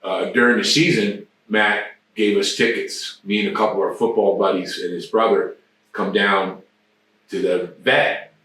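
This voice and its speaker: A man's voice: lowish voice, steady tone, moderate pace, a bit bright. A man in his sixties telling rambling, profane anecdotes as an interview guest. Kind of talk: casual storytelling. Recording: very echoey room, distant mic.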